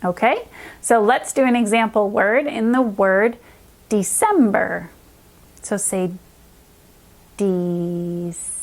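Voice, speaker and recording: Woman, reading teacher, slow unhurried pace, slightly high voice, clear sounding-out of letters. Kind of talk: upbeat reading lesson for young children.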